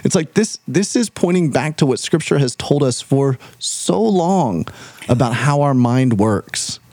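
A man's voice: medium pitch, animated, measured pace, a little mellow, no room sound. A man hosting an interview, speaking reflectively with plenty of affirming fillers as he sets up his questions. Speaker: podcast host. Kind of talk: conversational interviewing.

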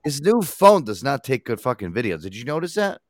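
A man's voice: medium pitch, big pitch swings, a little fast, dry recording, clean studio sound. A man hosting a podcast, chatting casually in a rambling way, swearing and repeating himself. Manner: rambling, profane, repeats words. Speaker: podcast host. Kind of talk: casual chat.

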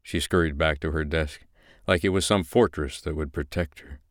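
A man hosting and narrating, reading a fiction excerpt aloud in a slow, measured first-person delivery. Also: extremely low pitch, no echo, clean studio sound. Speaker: narrator and host.

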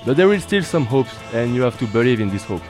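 A man's voice: mid-range voice, very animated, fast, a little mellow. A man with a French accent, a native French speaker, hosting a radio show and opening it with playful energy and wordplay. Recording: music playing under the voice. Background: music.

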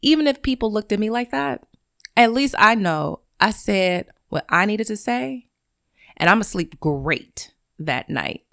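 Woman podcaster, blunt and profane, mid-pitched, dry sound. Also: expressive, a little slow, vocal fry, a bit bright, dry recording. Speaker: podcast host and teacher. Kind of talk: solo podcast monologue.

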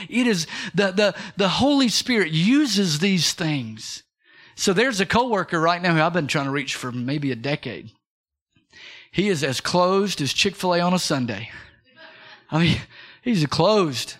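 High-voiced energetic male preacher. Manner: energetic preaching with call-and-response. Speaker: pastor. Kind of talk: sermon.

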